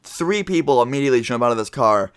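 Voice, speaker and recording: A man's voice: medium pitch, animated, fast talker, a bit bright, smooth, no room sound, clean studio sound. A teenage boy vlogging a storytime, talking casually with lots of fillers and swearing. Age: teens. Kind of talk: storytime vlog.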